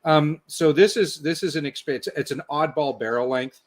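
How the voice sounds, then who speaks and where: A man's voice: fairly high pitch, normal speed. An older man, a guest engineer, telling technical stories in a rambling, self-interrupting way, blunt and sometimes swearing. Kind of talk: casual technical storytelling.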